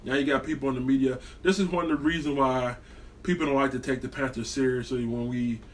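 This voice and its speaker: Man, fan vlogger, heated profane rant, rambling, mid-pitched, mic at a distance. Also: steady tone, fast talker, slight background noise. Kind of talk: casual sports rant.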